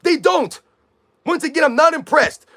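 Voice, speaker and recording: A man ranting loudly on a sports live stream, combative and repetitive, calling out chat viewers by name. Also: very high voice, animated, normal speed. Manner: loud, combative, repetitive rant.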